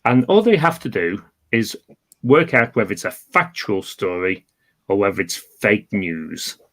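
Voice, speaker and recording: A man's voice: lowish voice, animated, unhurried, a bit bright. A man hosting a comedy panel game, reading out news stories with dry, wry patter. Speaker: host.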